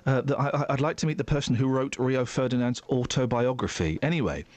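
A man's voice: fast, no room sound. A man hosting a casual radio show, jokey and playful, swooping his voice up and down. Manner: jokey, animated, swoops between high and low.

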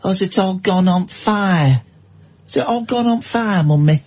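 A small mill child from the North of England whines and begs his mam, voice pitched high and a little husky, as a male radio host puts him on. The sound is slightly dull, like a broadcast studio feed. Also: moderate pace, darkish tone. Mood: whiny pleading. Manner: whiny, repetitive begging. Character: poor nine-year-old Northern mill child, pleading.

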